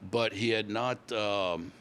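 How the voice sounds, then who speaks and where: A man in his sixties from Louisiana, a guest musician telling stories in a relaxed interview, rambling along unhurriedly with many fillers. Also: lowish voice, slow pace, a little hiss or hum.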